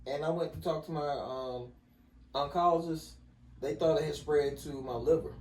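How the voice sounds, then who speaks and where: A middle-aged man telling personal stories as a podcast guest in a relaxed, casual way, often saying "you know". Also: a little high, normal speed, slight background noise. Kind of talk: casual conversation. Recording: echoey room, distant mic.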